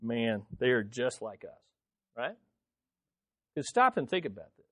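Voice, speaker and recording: Male pastor, sermon, lively rising and falling delivery, rhetorical questions, dry close sound. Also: mid-range voice, a little slow, no echo. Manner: animated preaching, many rhetorical questions, swings from soft to loud. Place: church service.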